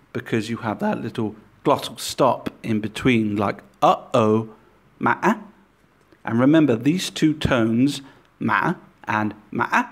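Slow, deliberate male language teacher. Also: medium pitch. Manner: slow, deliberate, repeating example words. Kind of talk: scripted language lesson.

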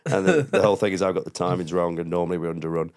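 A man's voice: low voice, expressive, very fast, a little mellow. A comedian guest on a podcast telling rambling anecdotes and often laughing at his own stories. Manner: quotes people in a raised, mocking voice. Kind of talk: casual podcast storytelling.

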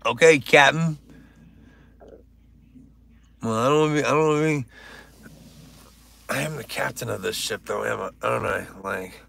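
A man's voice: medium pitch, normal speed, creaky, long pauses, fairly bright tone. A man doing casual stand-up on a live stream, rambling, swearing and joking with his viewers.

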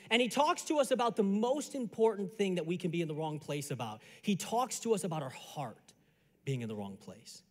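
A male pastor preaching a sermon, telling a story in a lively conversational way that builds to a lesson. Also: sits high, a little fast, big-room sound. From Chicago area. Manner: animated, conversational storytelling with repeated phrases. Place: church sanctuary.

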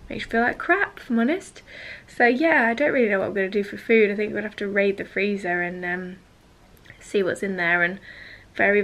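A woman's voice: medium pitch, a bit bright. Weary young British woman vlogging in pain. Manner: chatty, rambling, with frequent ums and little laughs. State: in pain from back spasms, tired and weepy. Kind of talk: casual personal vlog.

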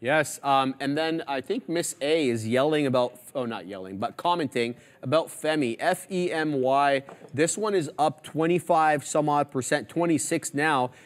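A man's voice: on the high side, moderate pace, hardly any pauses. Casual male trading-show host. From Canada. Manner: casual, chatty, walks through charts aloud. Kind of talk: live market commentary.

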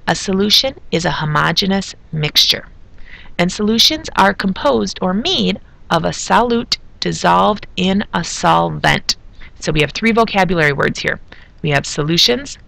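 A woman chemistry teacher explains a recorded lesson in a chatty way, slipping in side remarks as she goes. Her voice sits a bit low with a gravelly grain. The sound is dry and close. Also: a bit bright, no echo.

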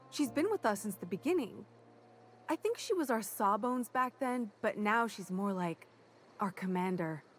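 A woman's voice: medium pitch, slight background noise, close to an everyday voice. An actress playing a cheerful, folksy woman who recruits for a commune in a video game, chatty and eager to please.

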